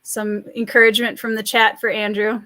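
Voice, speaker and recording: A woman with a Scandinavian Midwestern accent from rural Minnesota, hosting a relaxed live stream, chatting, laughing often and reading out viewer comments. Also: mid-range voice, normal speed, no echo. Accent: Scandinavian Midwestern American. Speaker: livestream host and writer.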